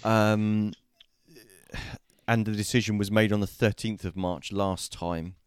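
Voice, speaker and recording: A man hosting a casual discussion show over a remote call, talking with many pauses, fillers and restarts. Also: fairly low pitch, fairly even intonation, clear, resonant tone, no room sound. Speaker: host.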